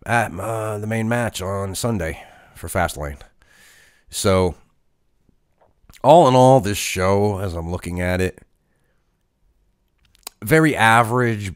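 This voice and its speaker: Low-voiced man reviewing wrestling, dry sound. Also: dry recording. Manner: conversational, with frequent fillers. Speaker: podcast host. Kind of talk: casual solo wrestling review.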